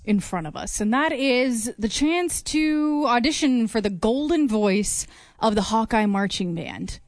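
A woman's voice: fairly high pitch, lively intonation, unhurried, no room sound, clean studio sound. A woman hosting a radio show, teasing her co-host in casual banter. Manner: teasing, playful.

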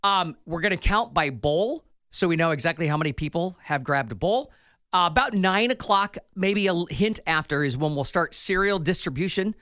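A man's voice: high voice, moderate pace, no room sound, clean studio sound. A man co-hosting a morning radio show, reading quirky news and chatting playfully with his co-host. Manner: playful, animated delivery. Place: radio studio.

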